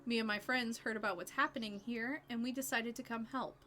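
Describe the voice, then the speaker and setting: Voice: medium pitch, fairly even intonation, fairly quick, bright, forceful tone, lightly acted. A woman reading a serene older activist. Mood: earnest. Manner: plain reading with no put-on voice. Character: serene older activist come to protect the forest.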